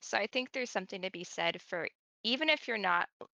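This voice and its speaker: A woman's voice: mid-range voice, animated, a little fast, gravelly, pushed and bright, no echo. A woman guest on a casual Q&A stream, explaining her thoughts at length. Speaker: panel guest. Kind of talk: casual livestream Q&A.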